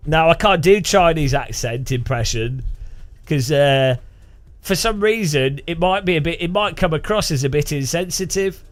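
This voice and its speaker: A man's voice: fairly high pitch, animated, moderate pace. A British man streaming a game live, chatting casually in a rambling, jokey way with frequent restarts. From Britain. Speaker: gaming streamer. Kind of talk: casual live gaming chat.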